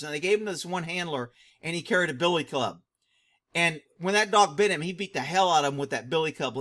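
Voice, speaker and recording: A man's voice: on the high side, fairly bright tone. A middle-aged man commenting on a video clip, mocking it and laughing constantly between phrases. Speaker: vlog host.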